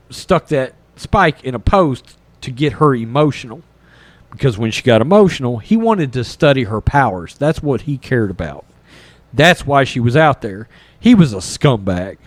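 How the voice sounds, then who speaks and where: With a medium-pitched voice and no echo, a male podcast host from East Texas walks through a movie's story. He's animated and rambling, swears a lot, and voices the characters' lines himself while reviewing it.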